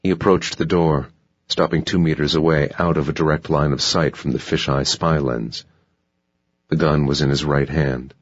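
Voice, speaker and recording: A man narrating an audiobook in a slow, measured delivery. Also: a bass voice, fairly even intonation, no echo. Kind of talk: scripted narration. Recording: dull dry audiobook recording.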